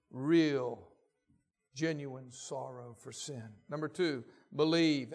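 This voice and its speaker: A man delivers a sermon, moving between read scripture passages and told anecdotes. His voice sits fairly high for a man. He acts out the quotes in his stories. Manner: reads scripture aloud, then tells stories with lively voiced quotes. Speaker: pastor.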